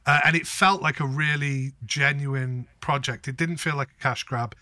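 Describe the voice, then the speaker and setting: Speaking at a normal pace in a mid-range voice, a man co-hosts a casual podcast, animatedly telling stories and swearing heavily. The recording is studio quality with no echo.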